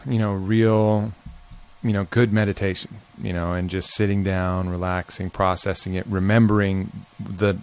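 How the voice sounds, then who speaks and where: A man as a podcast guest, talking casually and earnestly about facing fear, with some swearing. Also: on the low side. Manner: earnest, reflective, profane. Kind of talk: casual conversation.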